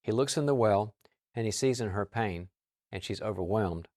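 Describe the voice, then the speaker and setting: Low-voiced man preaching through a story. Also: normal speed, darkish tone. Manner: conversational, acts out dialogue. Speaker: guest speaker. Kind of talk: sermon storytelling.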